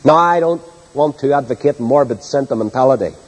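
A man preaching a sermon with great passion, soaring to loud high peaks and then dropping low and quiet, and putting questions to his listeners. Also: a little fast, big-room sound, low-quality recording. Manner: rhetorical questions to the congregation.

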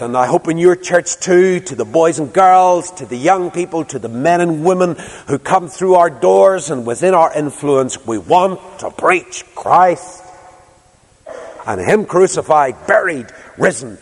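A man's voice: on the high side, long reverb tail. A man preaching a fervent sermon as a pastor in a church, pleading with his listeners. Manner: fervent, rising to impassioned pleading.

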